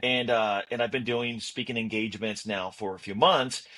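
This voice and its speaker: An American man being interviewed as a guest, telling stories in a relaxed way with many pauses and restarts, with a husky voice. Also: fairly low pitch. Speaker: podcast guest, speaker and game show host. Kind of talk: casual interview talk.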